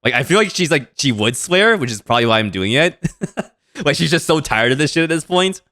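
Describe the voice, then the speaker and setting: A man's voice: fairly high pitch, brisk. A man streaming a game, chatting casually with laughter and frequent swearing. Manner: laughing, profane, animated. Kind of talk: casual gameplay commentary.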